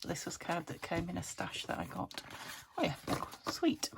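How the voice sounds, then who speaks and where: A British woman talks through her crafting at home, thinking aloud and drifting into soft, half-muttered asides. Her voice sits on the lower side and carries a gravelly fry. A steady background noise runs under the recording. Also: normal speed. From United Kingdom. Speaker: craft vlogger. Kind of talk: casual chat while crafting.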